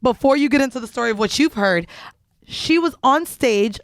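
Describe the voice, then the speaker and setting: A woman's voice: a little high, animated, moderate pace, dry recording, clean studio sound. A woman co-hosting a casual podcast, chiming in bluntly with crude details. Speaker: podcast co-host. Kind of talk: casual chat.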